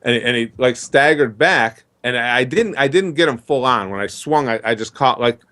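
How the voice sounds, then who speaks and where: A middle-aged man settles into a long, rambling story, acting out what everyone said. His pitch sits in an ordinary middle range, and the delivery stays chatty and unhurried. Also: lively intonation, pushed and bright. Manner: chatty, rambling storyteller who acts out dialogue. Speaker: interview guest. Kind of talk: storytelling in a casual interview.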